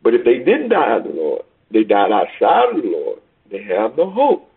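A man preaching a sermon over a call, emphatic, swinging between loud peaks and quiet asides. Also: on the low side, wildly swooping pitch, normal speed, creaky, slightly rough. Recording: tinny phone line.

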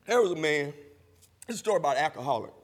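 A man preaching a sermon, using call-and-response and rising to shouts, in a church sanctuary. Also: on the high side, lively intonation, rapid-fire. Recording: long hall reverb.

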